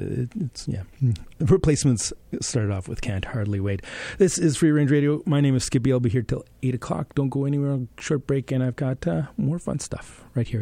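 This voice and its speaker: A man's voice: medium pitch, vocal fry, warm tone, slightly rough, dry recording. A man hosting a campus radio music show, chatting loosely between songs with many fillers and restarts, from a studio mic. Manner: rambling, halting with fillers. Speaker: radio host. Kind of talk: casual radio DJ chat.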